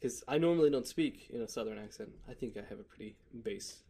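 A man's voice: medium pitch, fast talker, warm tone, breathy edge. Laid-back, joking male podcast co-host. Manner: laughs often, loose and profane, rambling with fillers. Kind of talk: casual joking chat. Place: lives in Florida.

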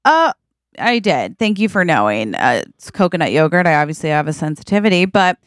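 A woman's voice: deep voice, big pitch swings, fairly quick, no room sound, clean studio sound. A woman co-hosting a podcast, playfully improvising a comic scene. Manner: playful, reacting. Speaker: podcast co-host. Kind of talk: improvised comedy chat.

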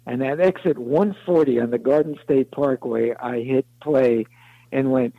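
A man's voice: medium pitch, a little slow, no echo, dull audio. A man being interviewed as a songwriter, telling long rambling anecdotes and acting out the other people in them. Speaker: songwriter guest. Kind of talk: interview storytelling.

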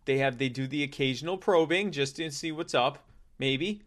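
A man's voice: on the high side, normal speed. A man co-hosting a casual comedic podcast, joking and rambling through his points. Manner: joking, rambling, animated asides. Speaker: podcast co-host.

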